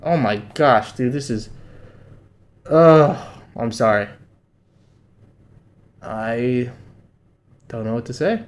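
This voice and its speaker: A young man streaming a live read-along of a manga, excitable and slangy, jumping between loud outbursts and quiet muttering. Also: medium pitch, slow, long pauses.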